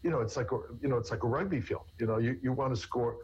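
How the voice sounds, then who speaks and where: A man's voice: mid-range voice, fast, darkish tone, husky. A man, a therapist, answering interview questions at length in a rambling way, often restarting with repeated words. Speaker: therapist guest. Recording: dull lo-fi recording.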